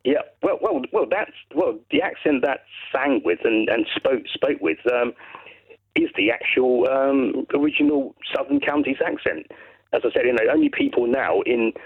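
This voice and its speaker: A man calling in to a radio phone-in, chatting casually and rambling with lots of fillers and restarts over a phone line. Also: medium pitch. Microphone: telephone.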